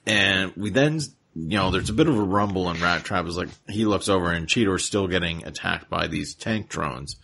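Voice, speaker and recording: A man with a very deep, gravelly voice and a husky edge. He is a podcast host recapping a cartoon episode. He talks in a laid-back, rambling way. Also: normal speed, hardly any pauses, fairly bright tone.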